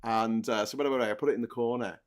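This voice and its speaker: A man's voice: medium pitch, racing, smooth. Rambling man on a video call. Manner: rambling, restarts often, animated asides. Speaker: podcast host. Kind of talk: casual chat. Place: small home room.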